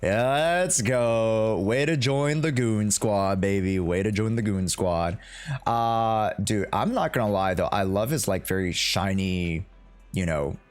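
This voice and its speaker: A young man streaming a live game reaction, talking casually in hyped slang and laughing often. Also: low voice.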